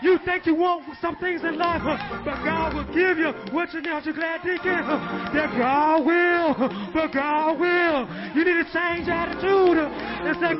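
High-pitched guy preaching, call and response, muffled lo-fi audio with music under it. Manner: rhythmic call-and-response preaching, rising to shouted refrains. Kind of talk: sermon. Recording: dull lo-fi recording with music behind.

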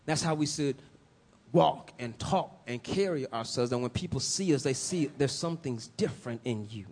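A man's voice: medium pitch, animated, brisk, darkish tone, breathy edge. A man preaching a sermon, building emphasis in swells and putting questions to the congregation.

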